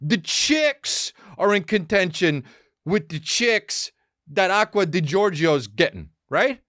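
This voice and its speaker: A man hosting a podcast, riffing in a rambling comic monologue, excitable and profane, with quick acted asides. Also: sits high, no echo, clean studio sound. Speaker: podcast host.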